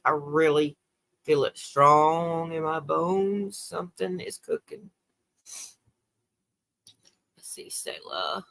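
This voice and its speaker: Older woman hosting her own livestream, gravelly and bright, emotional and chatty. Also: mid-range voice. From South Carolina. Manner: emotional, tearful, reads and answers viewer comments. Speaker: livestream host. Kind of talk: casual livestream chat.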